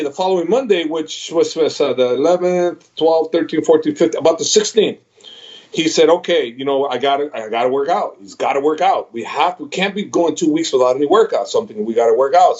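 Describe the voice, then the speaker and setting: A middle-aged man, an MMA trainer, telling a story on a podcast over a video call, animated and quoting his own reactions. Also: on the high side. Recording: slightly dull video call audio.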